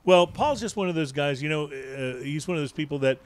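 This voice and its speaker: A man's voice: a little high, brisk. A man co-hosting a casual show, easygoing, thanking people and plugging upcoming episodes. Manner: easygoing, wraps up with thanks and plans. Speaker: podcast co-host. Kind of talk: casual chat. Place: bar or taproom.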